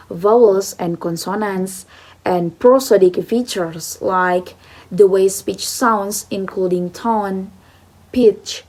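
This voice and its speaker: A young woman talks through a phonology lesson at an unhurried, deliberate pace. Her pitch sits in the middle of the range, and she pauses and hesitates often, fills the gaps with small words, and explains everything carefully. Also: a little mellow. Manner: slow, careful, hesitant, with fillers like "okay" and "uh". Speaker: student presenter.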